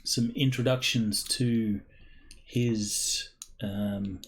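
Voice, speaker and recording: A man running an online tabletop game as game master, speaking in a halting way with frequent fillers, over a computer mic on a voice call. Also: on the low side, steady tone, a little hiss or hum, poor audio.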